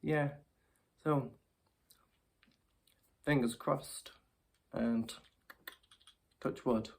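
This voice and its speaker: A woman, performing as a ventriloquist who gently teases her puppet and often stumbles over her words. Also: extremely low pitch, fairly even intonation, extremely slow, creaky. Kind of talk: ventriloquist comedy act, talking to a puppet.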